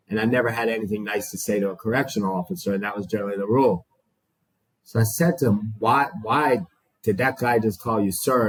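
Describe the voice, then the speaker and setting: Casting: male storyteller, husky, dry close sound, raw and profane, plays out quoted dialogue. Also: mid-range voice, no echo, rough recording. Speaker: guest sharing his recovery story. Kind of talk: emotional storytelling to a small group.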